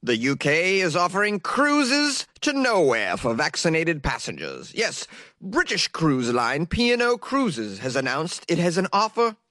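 A man's voice: high voice, pushed and bright, dry recording, clean studio sound, exaggerated voice. A man putting on a stiff, pompous male British newsreader voice to read the news.

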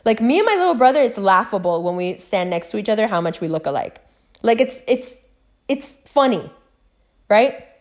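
This middle-aged woman vlogger speaks at a moderate pace with a medium-pitched voice, telling a rambling personal story in an offhand monologue. She swears freely, her tone going from loud excitement to a quiet hush.

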